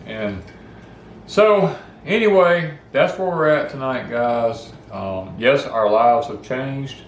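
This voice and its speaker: A man's voice: mid-range voice, expressive, takes it slowly. Older man, southern accent, folksy rambling host, echoey room, faint hiss. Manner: folksy, rambling, gets worked up about noise. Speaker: homestead channel host. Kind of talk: casual chat to viewers.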